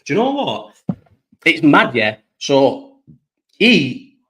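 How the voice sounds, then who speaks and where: A man's voice: on the high side, sing-song, slow pace, heavy background noise. Sweary man hosting a podcast. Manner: rambling, swears freely, chatty storytelling. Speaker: podcast host. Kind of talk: casual live-chat podcast.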